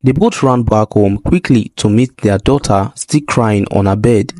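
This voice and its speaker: A man narrating a folk tale in an expressive, plain storytelling manner. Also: fairly low pitch, unhurried, no room sound.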